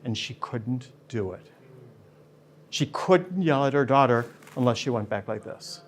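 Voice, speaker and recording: A man's voice: mid-range voice, a little slow. A man speaking as a guest before a studio audience, telling stories with energy and acting out the people in them. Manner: energetic, acts out voices when telling stories. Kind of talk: animated storytelling talk.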